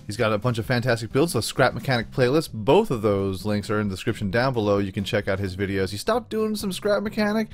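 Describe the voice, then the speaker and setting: A man's voice: on the low side, fast talker, hardly any pauses, soft background music. A man hosting a let's-play, chatting casually in slang, rambling and talking to himself as he plays. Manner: excitable, slangy, rambling, talks to himself while playing. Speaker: gaming channel host.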